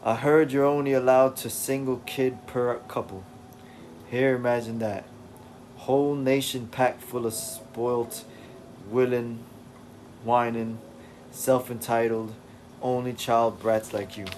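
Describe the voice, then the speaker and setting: Man putting on a sneering bigoted soldier, mock English accent slipping Australian, middle pitch, faint hiss. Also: flat delivery, takes it slowly, darkish tone, close to an everyday voice. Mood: scornful. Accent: mock English slipping toward Australian.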